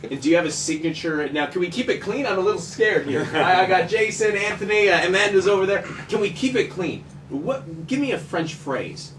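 A man's voice: high-pitched, expressive, fairly quick, few pauses, a bit bright. A man hosting a radio interview, asking questions in a joking, teasing, upbeat way. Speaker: radio host. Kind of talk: playful interview banter. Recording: echoey room, distant mic, faint noise.

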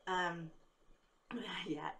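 A woman psychic talking casually to her viewers after a long workday. Her voice is tired and a little low. She rambles and speaks candidly, laughs easily, and swears when she gets angry. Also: steady tone, very slow, creaky, sharp tone. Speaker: psychic vlogger. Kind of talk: casual talk to camera.

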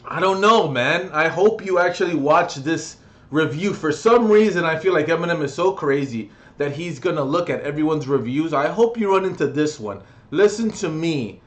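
A man's voice: a little high, animated, normal speed, fairly bright tone. A young adult man vlogging a comedic, profane rant reviewing music, mocking and exasperated.

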